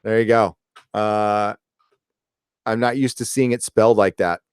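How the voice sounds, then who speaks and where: A man's voice: fairly low pitch, steady tone, measured pace, a little mellow, clean tone, no echo, studio quality. A man hosting a live stream, reading viewer comments and rambling casually with lots of fillers, restarts and swearing. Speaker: host of a live chat show.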